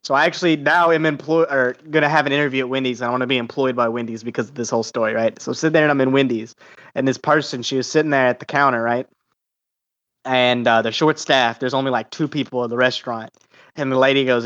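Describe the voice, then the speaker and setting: A man's voice: mid-range voice, steady tone, fast talker, a bit bright, muffled recording. A man, a podcast guest talking casually and rambling, with lots of swearing and restarts.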